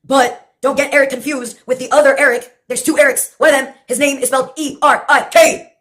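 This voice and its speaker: A woman's voice: sits high, steady tone, brisk, fairly bright tone. A woman from Texas in a rambling, sarcastic monologue, swearing and laughing often as she jumps between topics. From Brownsville, Texas.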